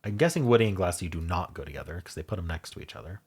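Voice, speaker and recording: A man's voice: deep voice, lively intonation, very fast, darkish tone, slightly rough. A man hosting a puzzle video, thinking aloud in a casual, unsure way as he works through a word game. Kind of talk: casual solo puzzle commentary.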